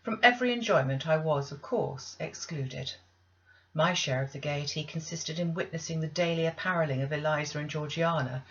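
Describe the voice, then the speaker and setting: A woman narrating a classic novel as an audiobook reader, in a measured, deliberate way with pauses. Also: low voice, lo-fi sound.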